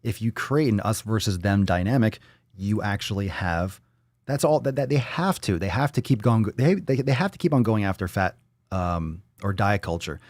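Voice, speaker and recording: A man hosting a fitness live stream, talking bluntly and profanely in quick ranting bursts and reading viewer comments aloud. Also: lowish voice, animated, darkish tone, no echo, clean studio sound. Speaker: fitness livestream host. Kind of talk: casual live-stream talk.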